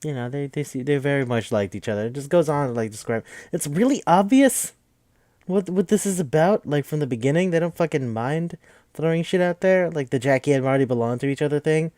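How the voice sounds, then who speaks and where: A man hosting a podcast, recapping a film in a rambling, excitable way, swearing often and tripping over his restarts. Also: on the high side, fairly quick, no echo, studio quality. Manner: rambling, profane and excitable, with many fillers and restarts. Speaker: podcast host reviewing a film.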